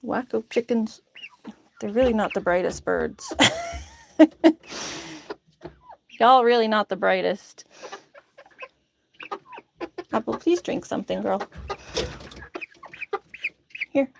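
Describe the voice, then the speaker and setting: At night in a backyard chicken coop, a young woman vlogger tends her chickens, chatting casually, laughing often, and cooing at the birds. Her voice runs on the high side and expressive, slow with frequent pauses and vocal fry, under heavy background noise and clucking.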